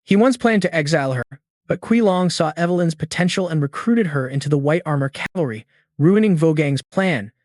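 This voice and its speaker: A man narrating a story recap in a steady, scripted storytelling manner. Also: fairly high pitch, fairly quick, dry recording, clean studio sound.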